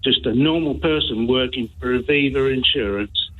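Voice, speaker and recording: A man's voice: mid-range voice, normal speed. Hesitant male caller on a tinny phone line. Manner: hesitant and rambling. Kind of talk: phone-in call.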